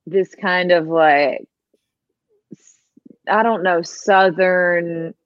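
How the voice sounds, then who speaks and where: A chatty woman from Georgia talks as a guest, her voice set a little low. She laughs often and leans on fillers. The sound is dry and slightly muffled. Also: fairly even intonation, very slow, no room sound. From Georgia, USA. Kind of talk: casual interview chat.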